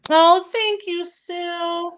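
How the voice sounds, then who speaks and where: A woman's voice: very high voice, fairly even intonation, drawn-out words, a bit bright, dull audio, slight background noise. A woman bantering and teasing in casual chat over a video call.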